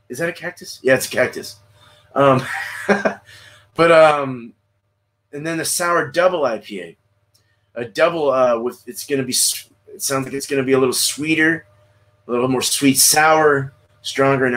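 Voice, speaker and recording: A man's voice: medium pitch, a bit bright. A man hosting a solo livestream about beer, chatting casually with viewers, rambling, repeating words and swearing now and then. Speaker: beer review livestream host. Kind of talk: solo livestream chat, reading chat comments. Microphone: computer mic for a livestream.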